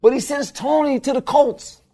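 Speaking at normal speed in a dark voice, a former football coach, now an older man, spins animated stories during an interview. He puts lots of emphasis into them, laughs frequently, and performs quotes in a raised, high voice.

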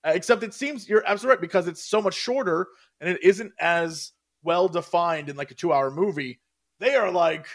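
Casting: man with a high voice, casual co-host, meandering delivery full of fillers. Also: a little fast. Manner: rambling, searching for words, many fillers. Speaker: podcast co-host. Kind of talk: casual chat.

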